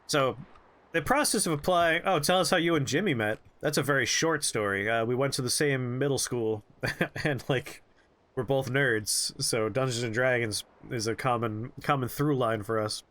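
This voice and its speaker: A man's voice: medium pitch, normal speed, fairly bright tone. A young man streaming a game who tells a rambling, jokey story with lots of animation. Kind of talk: storytelling while playing a game.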